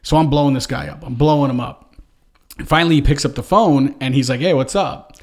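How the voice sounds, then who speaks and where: A middle-aged man hosting a podcast from his home basement studio, telling a story with energy and acting out his own shouting. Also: mid-range voice, steady tone, fast talker, gravelly. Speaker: podcast host. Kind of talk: casual chat.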